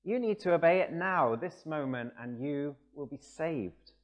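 A man voicing a blunt, fervent rural English preacher with an Essex accent, shouting and repeating himself. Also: fairly high pitch, lively intonation, unhurried, lo-fi sound. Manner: shouting, emphatic repetition.

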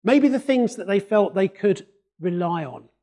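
A man preaching a sermon in a conversational way, with wry asides, dropping to a hush for emphasis. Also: high-pitched, unhurried. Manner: expressive, varies tone and drops to a hush for emphasis.

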